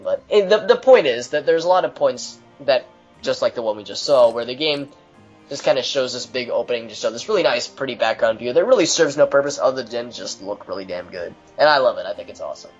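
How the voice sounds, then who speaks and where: A man narrating his own game playthrough, patiently explaining what's happening on screen. His voice sits in an ordinary middle range and stays level. Faint game music sits quietly in the background. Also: medium pitch, fast, lo-fi sound. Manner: steady, explanatory, mildly dry. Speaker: gameplay commentator. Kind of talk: let's play commentary.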